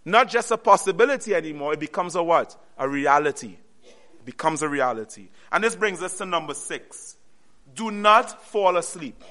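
A male preacher with a high, bright voice delivers an earnest sermon. He repeats his key phrases and uses call-and-response, stopping on "what?" so the congregation can complete the verse. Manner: call-and-response, pausing on "what?" for the audience to finish.

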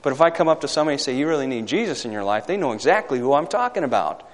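A man preaching a sermon to a congregation, swinging from loud emphatic peaks to quiet asides and asking the listeners for amens. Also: medium pitch, expressive, very fast. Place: hall or church. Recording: long hall reverb.

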